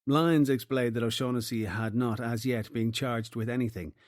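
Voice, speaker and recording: Guy narrating a mystery audiobook, mid pitch, dead dry close sound. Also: fairly even intonation, normal speed, a little mellow, dry recording. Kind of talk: scripted narration.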